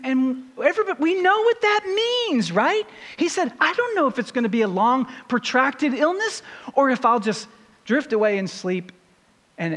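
Preacher, male, very high and animated voice, repeated rhetorical questions, long hall reverb. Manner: rhetorical questions, building intensity. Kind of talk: sermon.

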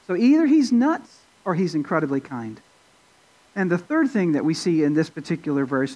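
Over poor audio, a man with a darkish tone delivers an expository sermon in a conversational style. Fillers and restarts pepper his speech, and he gets higher and louder when emphasizing something.

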